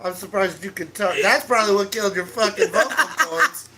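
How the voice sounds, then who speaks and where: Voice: mid-range voice, lively intonation, a little fast, heavy background noise. A co-streamer in casual chat, throwing dry teasing jokes back at the storyteller.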